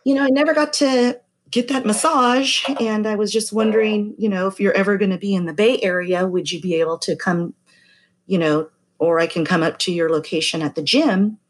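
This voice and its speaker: A woman's voice: fairly low pitch, steady tone, fairly quick. A middle-aged woman, a massage therapist, telling a story in casual chat and acting out the voices of people she quotes. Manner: chatty, acts out quoted voices.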